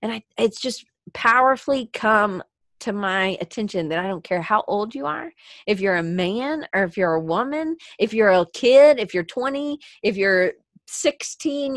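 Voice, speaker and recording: Teary, high-voiced woman podcast host. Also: dry recording, clean studio sound. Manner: rambling with restarts and filler words. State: teary, crying. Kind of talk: emotional motivational monologue.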